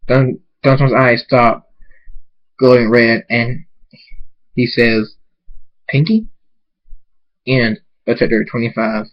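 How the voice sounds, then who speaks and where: A man reading his own fan fiction aloud in a halting way, often stumbling and restarting, on a dull lo-fi mic. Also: medium pitch, flat delivery. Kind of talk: amateur story reading.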